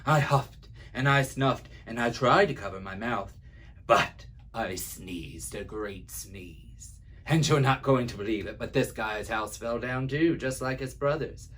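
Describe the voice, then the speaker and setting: A laid-back wolf, voiced by a man reading a storybook aloud, tells his side with a wry, confiding chattiness. The voice is husky and sits at an ordinary pitch. He sounds like he's letting you in on a secret. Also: unhurried, a bit bright. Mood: sly. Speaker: library storyteller. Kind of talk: read-aloud children's story.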